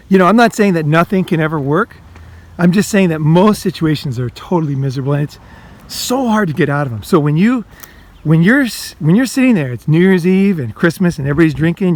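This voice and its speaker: A life coach and video host with a slightly high voice speaks bluntly to the viewer in a casual monologue. He swears a lot, says "you know" constantly, and acts out inner voices.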